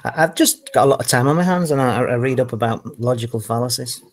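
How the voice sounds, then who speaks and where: A man's voice: mid-range voice, fast talker. A man in casual online chat, explaining points carefully with hesitant repeats.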